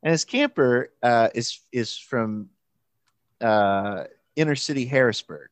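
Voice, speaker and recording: A man, a pastor and camp counselor, telling a story in casual chat, animated and halting, with many restarts and quoted voices. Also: medium pitch, no echo.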